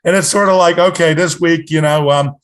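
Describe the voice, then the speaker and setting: A man's voice: on the high side, steady tone, fairly quick, fairly bright tone. A man co-hosting a film podcast, chatting casually and saying "it's like" and "you know" a lot. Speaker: podcast co-host. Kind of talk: casual chat.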